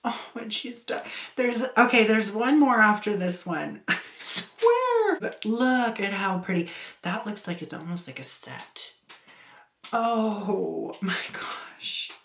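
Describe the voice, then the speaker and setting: A woman's voice: medium pitch, animated, measured pace, a bit bright. A woman vlogger opening gifts in a casual chat, gushing and exclaiming, with laughs between her words. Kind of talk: casual gift-opening vlog. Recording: echoey room with faint noise.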